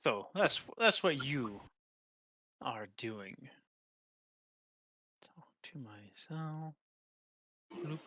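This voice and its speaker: A man narrating as game master for a tabletop role-playing game, halting and full of fillers and restarts. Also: medium pitch, animated, bright, forceful tone.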